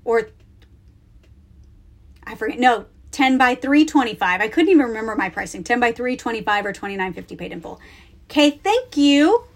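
Woman in her 30s, solo podcast host, chatty and animated, a bit high-pitched, recording in a closet. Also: moderate pace. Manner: chatty and animated, lots of "like" fillers. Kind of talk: casual solo podcast talk. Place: small closet at home.

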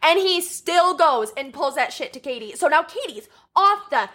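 Brief: bright, high woman co-host, emphatic, chimes in often. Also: animated. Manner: emphatic, quick to chime in, swears freely. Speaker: podcast co-host. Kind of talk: casual gossip chat.

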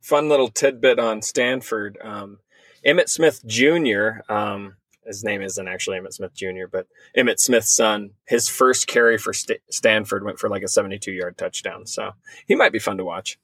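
A man's voice: fairly low pitch, normal speed, fairly bright tone, no room sound. A man co-hosting a sports podcast, chatting casually, playful and teasing. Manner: playful, teasing, laughs a lot. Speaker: podcast co-host.

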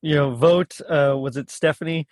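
A man's voice: fairly high pitch, normal speed, no echo, clean studio sound. A man hosting a casual podcast interview, chatty and laughing often, with many restarts. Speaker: podcast host.

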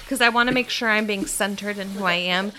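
A woman's voice: medium pitch, moderate pace, background noise. A woman in her late twenties co-hosting a podcast, chatting casually and laughing after a few drinks. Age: late 20s. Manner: laughing, earnest, a little tipsy. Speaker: podcast co-host. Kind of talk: casual chat.

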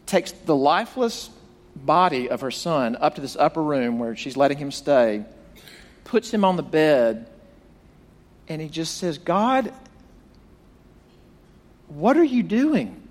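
A man's voice: on the high side, expressive, unhurried, long reverb tail. A male pastor preaching a sermon, retelling a story dramatically and acting out the quoted voices.

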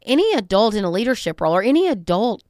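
A woman's voice: mid-range voice, sing-song, fast talker, darkish tone, dry recording, studio quality. A middle-aged woman from the States, hosting a solo podcast in a conversational, emphatic way. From Southern United States. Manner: conversational, emphatic, acts out callers. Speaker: podcast host.

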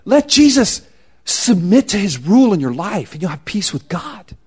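A male pastor delivering a sermon in a relaxed, conversational way, with casual slang. His voice sits fairly high and moves a great deal, dropping to near whispers before rising again for emphasis. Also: normal speed, breathy edge. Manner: animated, swings from hushed to loud emphasis.

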